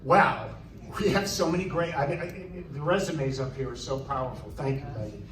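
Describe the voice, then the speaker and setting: A man's voice: on the high side, expressive, moderate pace, noisy background. A man as master of ceremonies, effusively introducing comedians. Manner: effusive, announcing. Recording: echoey room, far mic, loud crowd.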